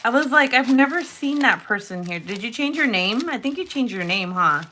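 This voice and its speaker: A woman's voice: on the high side, animated, normal speed, pushed and bright, a little hiss or hum. A young woman casually chatting with her viewers while she works with clay, giggling often. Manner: chatty, giggly, talks to live chat viewers. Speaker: polymer clay livestream host. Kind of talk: casual livestream chat while crafting.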